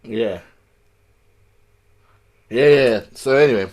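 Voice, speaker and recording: A man's voice: medium pitch, takes it slowly, a little mellow. Easygoing British man in loose banter. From Britain. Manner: loose and joking, slips into mock accents, trails off mid-thought. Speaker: podcast co-host, comedian. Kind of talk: casual chat.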